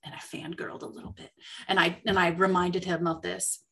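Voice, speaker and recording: Bright-voiced woman telling a lively story. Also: lowish voice, a little fast, gravelly. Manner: animated storyteller, quoting herself. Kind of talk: casual chat.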